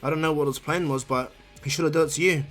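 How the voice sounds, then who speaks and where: A man's voice: on the high side, steady tone, fast, soft background music, lightly acted. A man doing a brooding young ninja rival. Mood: uneasy.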